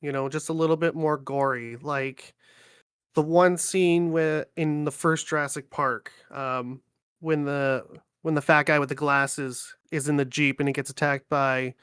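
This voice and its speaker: A man, a livestream guest chatting in a relaxed, rambling way with many fillers. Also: on the high side, a little slow, clean tone, dry recording, clean studio sound. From Ontario, Canada. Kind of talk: casual chat on a livestream.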